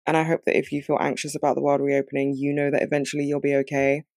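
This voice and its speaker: A man who has just woken up, his voice rough and scratchy, chatting candidly to his viewers about his week. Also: on the high side, monotone, fast, a little mellow, no echo, studio quality. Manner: candid, confessional, chatty with "like" fillers. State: groggy, just woke up. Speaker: vlogger. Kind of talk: casual chat to camera.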